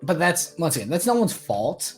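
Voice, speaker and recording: A man in his twenties co-hosting a podcast, chatting casually in a blunt, swearing, animated way. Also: fairly high pitch, moderate pace, soft background music. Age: 20s. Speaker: podcast co-host. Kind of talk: casual chat.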